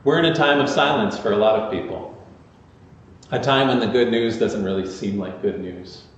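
A man's voice: fairly low pitch, normal speed, slight background noise. A man preaching a sermon as pastor, talking conversationally with fillers and restarts. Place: large echoey church sanctuary. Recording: echoey muffled church recording from far off.

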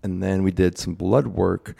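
A low, gravelly man in his forties with a dark, mellow tone, recounting his story in a casual chat. He talks in a plain-spoken, rambling way, circling back as he goes. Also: level tone, measured pace. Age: 40s. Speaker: guest telling his story.

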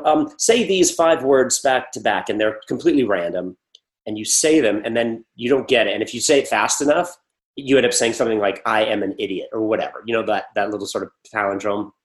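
A man being interviewed about his acting work, talking casually and rambling into lively stories with acted-out quotes. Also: mid-range voice. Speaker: actor guest.

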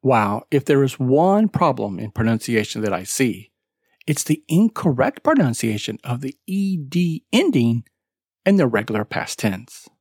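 Slow, animated podcast pronunciation teacher. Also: medium pitch, husky, no room sound, clean studio sound. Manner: slow, deliberate explaining with emphatic word stress; spells out web addresses letter by letter. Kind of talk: podcast lesson.

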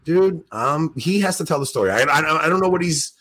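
A man co-hosting a podcast, telling excitable stories in casual chat, acting out his conversations and laughing often. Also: a little high, fairly quick, husky. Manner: excitable storyteller, acts out dialogue, laughs often. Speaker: podcast co-host.

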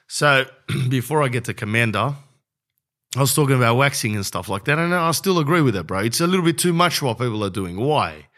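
A young Australian man talks through a rambling comic monologue on his podcast. He is brash and jokey, veers off topic and throws in plenty of slang. His voice sits at an ordinary pitch. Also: expressive, fairly quick, a bit bright. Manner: rambling, brash and jokey, says bro a lot. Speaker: podcast host. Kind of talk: comedic podcast monologue and host-read ad.

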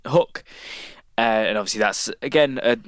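Man with a smooth, dry podcast voice. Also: medium pitch, moderate pace, a bit bright, no room sound. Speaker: podcast co-host. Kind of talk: casual chat.

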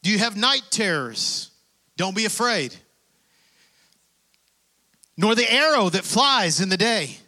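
A man's voice: high voice, very animated, slow pace, pauses often, sharp tone. A man preaching a sermon, reading scripture and urging listeners on with emphatic bursts. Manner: preaching with rising emphatic bursts, calls of "come on". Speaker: pastor.

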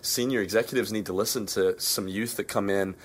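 A man's voice: fairly low pitch, steady tone, a little fast. A man with an Australian accent, a musician answering in a backstage interview, pressing and repeating his points with urgency. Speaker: musician guest. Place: backstage at a concert venue.

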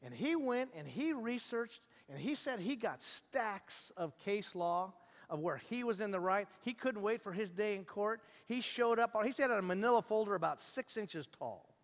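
A middle-aged man preaching a sermon as pastor, telling stories animatedly, acting out the voices in them, and swinging from hushed asides to shouts. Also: sits high, expressive, normal speed, in a large hall.

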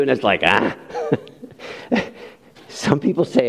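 A man's voice: fairly high pitch, huge pitch swings, unhurried, vocal fry, pauses often. A middle-aged man preaching a sermon, telling a funny story about himself and laughing at his own mishaps. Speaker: pastor. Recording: long hall reverb.

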